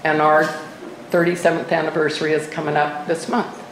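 An older woman gives candid testimony at a meeting microphone, poking fun at herself as she tells her story. Her voice sits at a middling pitch and rings around an echoey room. A faint hiss of noise sits under it. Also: little pitch movement, fairly quick. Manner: candid, self-mocking storytelling with wry humor. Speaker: speaker sharing at a recovery meeting. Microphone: microphone at a podium.

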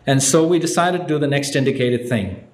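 A man's voice: medium pitch, brisk, heavy background noise. Indian-born man, wry self-mocking storyteller at a podium, echoey room recording. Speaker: recovery meeting speaker. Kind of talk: personal story told from a podium. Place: meeting hall with an audience.

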